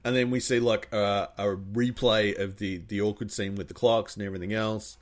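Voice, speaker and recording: A man chatting casually, rambling through a lively film recap. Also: on the low side, moderate pace. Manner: rambling, animated retelling with acted-out quotes. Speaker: podcast co-host recapping a film. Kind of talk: casual chat.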